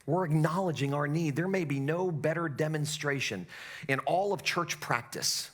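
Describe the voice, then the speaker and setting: A middle-aged male pastor preaching a sermon in a church, swinging from quiet asides to loud, impassioned exhortation. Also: a little high, moderate pace.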